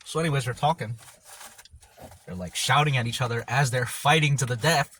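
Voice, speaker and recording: A man's voice: medium pitch, brisk, a bit bright, slight background noise. A man telling a story casually while eating on camera, in a rambling, laid-back way full of slang, often trailing off mid-thought. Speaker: mukbang vlogger.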